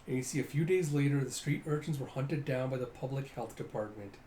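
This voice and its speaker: A man casually reading through a comic, describing the panels in a lively way and acting out the lines. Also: mid-range voice, fairly quick, hardly any pauses. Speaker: reader of a comic. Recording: roomy echo, faint noise.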